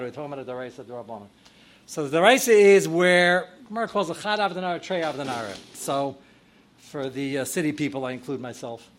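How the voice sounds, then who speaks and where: A man teaching a Torah class as a rabbi, with a somewhat high voice. He speaks conversationally, sprinkles in Hebrew and Yiddish terms, and surges loud and animated whenever he acts out an example. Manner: animated, voice swelling loud when acting out examples.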